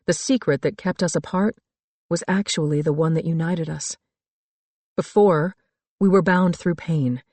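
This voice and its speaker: Middle-aged woman narrating a thriller, calm. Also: low-pitched, no room sound. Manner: calm, reflective storytelling. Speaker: audiobook narrator. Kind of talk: first-person thriller audiobook narration. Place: dry studio booth.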